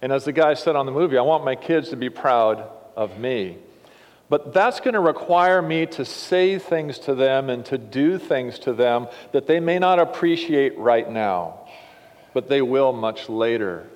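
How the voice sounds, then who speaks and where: A man's voice: mid-range voice, expressive, unhurried, in a large hall. A middle-aged man preaching a sermon as pastor, folksy and chuckling at his own quips. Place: church sanctuary.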